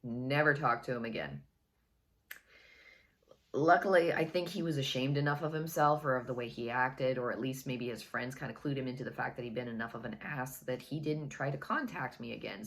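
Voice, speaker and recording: A woman casually telling a personal story to her viewers, chatty and wry, repeating phrases for effect. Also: extremely low pitch. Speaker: storytelling vlogger.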